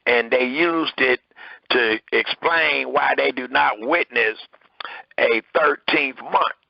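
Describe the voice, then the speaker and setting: A man's voice: takes it slowly, creaky, no echo, muffled recording. A man preaching a sermon, reading scripture aloud and pressing hard on his words. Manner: emphatic, preaching with rising and falling pitch.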